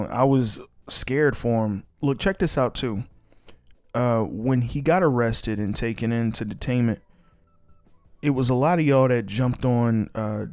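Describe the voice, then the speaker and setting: Man, solo podcast host, casual rant, blunt, swears a lot, mid pitch. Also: darkish tone, dry recording. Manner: blunt, profane ranting.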